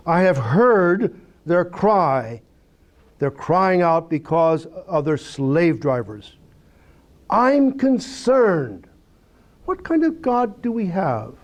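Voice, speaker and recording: A man teaching a Bible study in a conversational lecture style, reading scripture aloud and asking rhetorical questions. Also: high voice. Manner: animated, reads scripture aloud.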